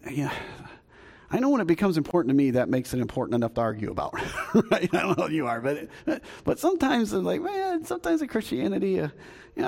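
Preaching in a church sanctuary, a Southern-accented man speaks at a medium pitch with a touch of mellowness. He keeps the sermon homey and chatty, asking the congregation questions, while long reverb from the hall trails his words.

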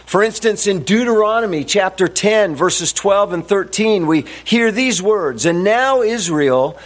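A man preaching a sermon as a pastor, deliberate and emphatic, repeating his key phrases. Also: sits high, animated.

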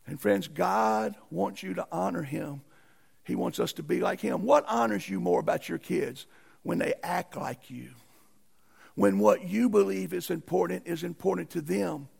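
A man preaches a sermon in a folksy storytelling way, breaking into emphatic bursts. His voice sits high for a man and is deeply gravelly, with a husky, rough edge. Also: measured pace, a little mellow. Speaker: pastor.

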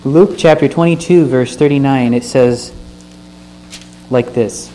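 A man's voice: mid-range voice, a little slow, long pauses, mellow, rough recording. A man preaching a sermon, reading scripture aloud and explaining it with earnest stresses and questions to the listeners. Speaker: pastor. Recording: faint mains hum.

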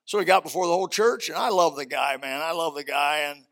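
A man preaching in church with a gravelly, bright, fairly high voice. He talks in a folksy, animated way, with loud emphasis and quiet asides. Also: fast. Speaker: pastor. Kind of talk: sermon.

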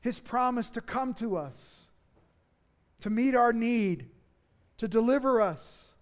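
High-voiced man preaching a sermon. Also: lively intonation, takes it slowly. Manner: earnest, emphatic preaching with dramatic rises. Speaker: pastor.

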